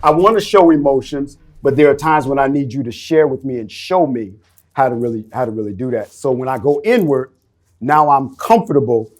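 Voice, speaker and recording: A middle-aged man telling a candid personal story in casual podcast talk, animated and street-casual. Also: medium pitch, a little fast, no echo. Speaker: podcast panelist.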